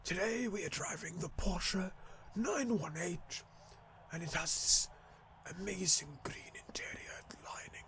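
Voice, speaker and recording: A man putting on a hushed mock TV car presenter. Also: sits high, measured pace, gravelly, exaggerated voice. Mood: mock-suave. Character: smooth male TV car show presenter.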